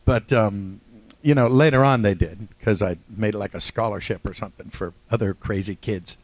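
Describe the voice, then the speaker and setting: A man's voice: on the low side, moderate pace, dry recording. An older man from Ohio, a voice actor telling stories as a convention panel guest, joking and self-deprecating and often laughing. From Ohio, USA. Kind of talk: casual storytelling.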